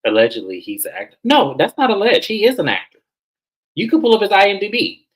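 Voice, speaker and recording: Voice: medium pitch, wildly swooping pitch, fast, low-quality recording. A reality TV recap host giving casual, sassy commentary and repeating phrases for emphasis.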